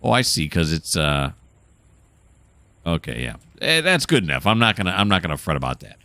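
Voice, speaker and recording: A man's voice: sits low, very animated, fairly quick, pushed and bright, no room sound. A man casually commenting while playing a train game, rambling and correcting himself as he goes. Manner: rambling, self-correcting, chatty. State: hiccuping. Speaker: gameplay host.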